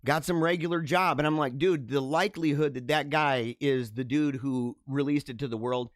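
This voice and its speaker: A man hosting a livestream, chatting casually and answering viewer comments in an animated, talkative way. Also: mid-range voice, normal speed, no room sound, studio quality. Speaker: livestream host.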